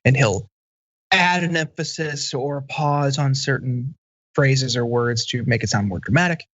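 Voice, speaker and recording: A man in his thirties, a guest on a political commentary show, talking bluntly and dismissively, with halting restarts. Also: medium pitch, fairly bright tone, dry recording, highs cut off.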